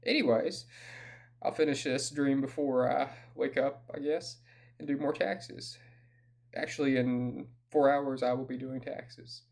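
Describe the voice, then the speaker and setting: A man's voice: medium pitch, fairly even intonation, measured pace, vocal fry, a little mellow. A man with a Southern US accent giving a casual solo update as an author, with a dry, self-deprecating humor.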